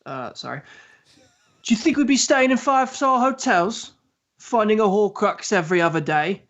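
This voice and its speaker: A man's voice: sits high, animated, normal speed, fairly bright tone, lo-fi sound, pitched above the performer's own voice. A man reading the part of a tense, stubborn teenage boy wizard hero in a podcast read-through, defensive and clipped.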